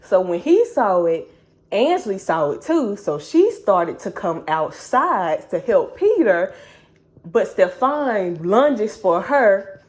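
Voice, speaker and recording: A woman's voice: medium pitch, takes it slowly. A woman retelling a novel's plot in a chatty, slangy, casual way as a book reviewer. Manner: animated, chatty storytelling with slang.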